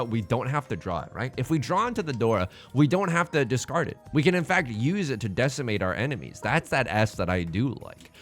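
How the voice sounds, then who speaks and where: A man's voice: mid-range voice, a bit bright. A man hosting a let's play, rambling playfully through casual game commentary with jokey asides.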